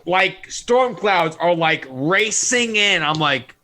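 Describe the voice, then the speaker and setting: A man with a high, bright voice that swings all over as he talks. He tells stories in casual podcast chat and plays out his own lines. His tone is lively and sharp. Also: takes it slowly. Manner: animated storyteller, acts out his own quotes. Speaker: podcast guest.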